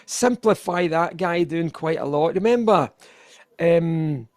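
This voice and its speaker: This is casual interview chat from a guest musician, an older Scottish man appearing over video call. His voice sits a little high and moves slowly, and he wanders off-topic, self-deprecating and frequently laughing. Audio is clean, studio quality, with no room sound.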